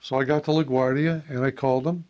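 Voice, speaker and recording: A man's voice: medium pitch, fast talker, lo-fi sound. An older man from Iowa, a jazz saxophonist, casually telling anecdotes and acting out the voices of the people in them. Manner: animated storyteller, acts out quoted voices, laughs often.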